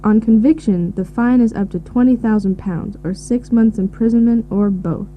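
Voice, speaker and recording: A woman giving measured, informative answers in a scripted listening recording. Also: a little high. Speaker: expert answering questions. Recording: tinny phone-like audio with faint hiss.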